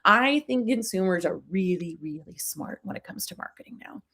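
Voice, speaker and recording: A woman with a Long Island accent chats as a podcast guest, her voice sitting at an ordinary middle pitch. She talks in an animated way and often laughs at herself while explaining her ideas. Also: moderate pace. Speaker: guest, comedian and brand strategist. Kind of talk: casual podcast conversation.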